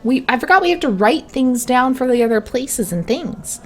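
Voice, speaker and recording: A woman's voice: high-pitched, lively intonation, moderate pace. A woman narrating a tabletop game as game master, playful and laughing as she corrects herself.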